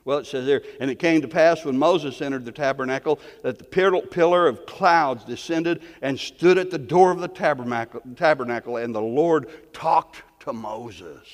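A man's voice: medium pitch, normal speed, few pauses. Man preaching hard in a big church hall, voice ringing with long reverb, repeats his words a lot. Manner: impassioned, building to near-shouting peaks, with many repeated words. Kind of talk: sermon.

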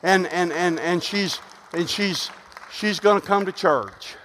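A middle-aged man preaching in a church, his voice pitched high for a man. He shifts between hushed storytelling and loud, fervent calls. A long reverb from the hall trails every line. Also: slow, a little hiss or hum. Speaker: pastor. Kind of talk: sermon.

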